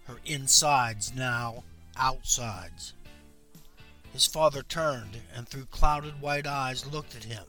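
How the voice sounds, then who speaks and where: A man reading a short horror story aloud with dramatic delivery. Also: medium pitch. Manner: dramatic, loud bursts for the girl's lines. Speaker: story narrator.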